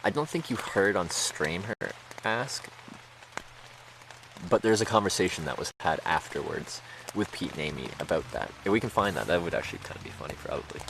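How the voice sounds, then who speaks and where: Low-voiced guy rambling on stream, laughs a lot, rain pattering behind. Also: lively intonation, a little fast, gravelly, background noise. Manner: rambling, laughs often, many fillers. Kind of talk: casual storytelling to stream chat.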